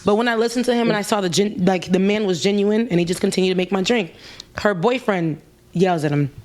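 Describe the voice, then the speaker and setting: A woman tells a story on a casual talk stream. She keeps it animated and lifts her voice whenever she mimics the people in it. Her pitch sits in a middle range. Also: quick pace. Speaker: co-host.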